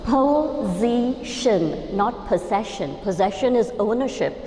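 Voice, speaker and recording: A woman with an Indian English accent gives a grammar lecture in a fairly high voice. She explains step by step, repeats her key terms and keeps checking in with her listeners. The sound rings with long reverb, as if from a large echoey room. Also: lively intonation, a little slow, darkish tone, slight background noise.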